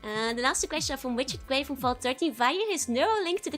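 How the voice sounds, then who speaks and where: A woman's voice: fairly high pitch, quick pace, hardly any pauses, a bit bright, faint music behind. A woman streamer giggling and chatting as she reads a game text aloud on a casual livestream. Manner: giggly and chatty, laughs often between lines.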